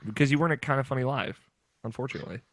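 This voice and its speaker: Young guy hosting a podcast, bit gravelly, dry close sound, chatty and laughy with lots of ums. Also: mid-range voice, very fast, a bit bright, dry recording. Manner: laughing, rambling with fillers. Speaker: podcast host. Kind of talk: casual group podcast chat.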